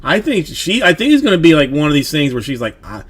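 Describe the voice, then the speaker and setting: A man's voice: on the high side, very animated, quick pace, husky. A man in his thirties chatting casually on a livestream about being a father, rambling with plenty of fillers and restarts. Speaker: streamer, father of a young daughter.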